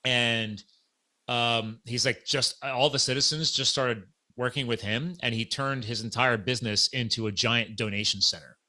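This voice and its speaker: A middle-aged podcast host with a medium-pitched voice speaks at normal speed, telling a story in casual chat. He's animated and acts out the quoted dialogue.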